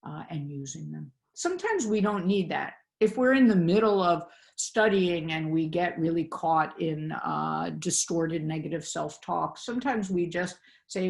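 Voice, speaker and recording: A woman's voice: deep voice, expressive, moderate pace, creaky, a little mellow. A woman presenting a wellness webinar in an earnest, coaching way, acting out inner self-talk voices.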